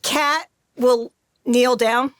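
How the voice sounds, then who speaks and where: A woman's voice: a little high, steady tone, very slow, dry recording, clean studio sound. A woman player in a tabletop role-playing game, talking casually with a giggly, playful manner.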